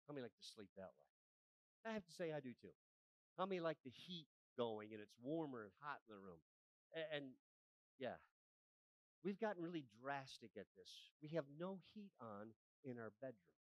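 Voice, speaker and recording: A male pastor in his forties preaching a sermon, often asking the congregation for an amen and building to loud, emphatic peaks. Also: mid-range voice, dry recording, rough recording. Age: 40s.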